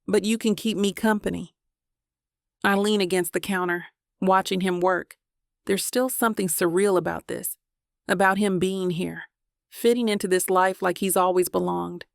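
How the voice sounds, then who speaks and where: Gravelly woman narrating a romance audiobook. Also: on the low side, level tone, normal speed, no echo, studio quality.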